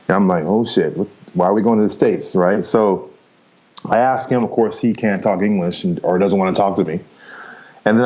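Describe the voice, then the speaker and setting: A man's voice: low-pitched, warm tone, highs cut off. A man in his fifties, a podcast guest telling his story casually and rambling, often checking in with "right?" and "you know.". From Canada. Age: 50s. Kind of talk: casual first-person storytelling.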